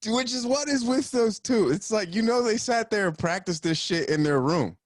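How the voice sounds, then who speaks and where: A man's voice: high-pitched, moderate pace, dry recording, clean studio sound. A man in casual podcast chat, ranting and joking about superheroes. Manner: animated, joking rants. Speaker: podcast host.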